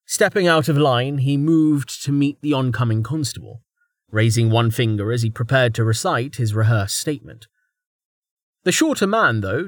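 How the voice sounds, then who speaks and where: Brief: male fantasy audiobook narrator, mid-pitch, dry close mic. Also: no room sound.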